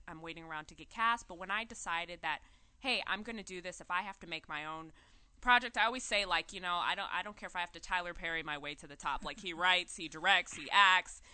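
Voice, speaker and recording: A woman's voice: on the low side, sharp tone, clear, resonant tone, no room sound. A woman actress and producer, a radio guest, talking at length with lots of fillers and giggles. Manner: talkative, giggly, many fillers. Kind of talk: radio interview.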